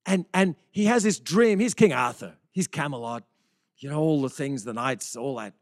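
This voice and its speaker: A man's voice: fairly high pitch, lively intonation, moderate pace, no echo. Brief: middle-aged male pastor, chatty sermon delivery, dry close sound. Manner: conversational preaching with frequent restarts and rhetorical questions.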